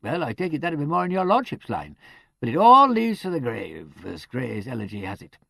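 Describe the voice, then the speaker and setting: A man's voice: mid-range voice, huge pitch swings, moderate pace, creaky, bright, forceful tone, no room sound, studio quality, heavily acted. A man reading an audiobook, voicing a middle-aged country police superintendent with a broad rural dialect who likes quoting poetry. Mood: ponderous. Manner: broad rural dialect, ponderous and fond of quotations.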